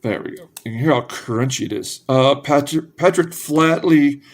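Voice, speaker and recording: A man casually narrating as he opens packs of trading cards, reading names one by one with offhand asides and bursts of excitement at good pulls. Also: a little high, normal speed. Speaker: card collector opening packs. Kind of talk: casual pack-opening commentary.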